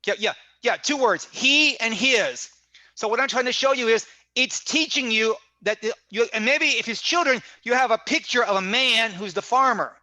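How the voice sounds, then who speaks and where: A man with a high, bright voice leads an online teaching workshop over a video call. He talks in a casual, conversational way, circles back to repeat his points, and keeps checking in with his listeners. The sound is close and dry. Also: moderate pace, no echo. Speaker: teacher trainer.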